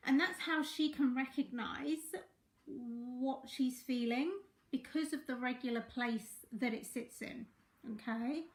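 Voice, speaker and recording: A high-voiced woman talks viewers through a live coaching session, her voice croaky from a sore throat. She talks in an easy, chatty way with plenty of fillers. The sound rings in an echoey room. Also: slow. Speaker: life coach. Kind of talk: live-streamed coaching talk.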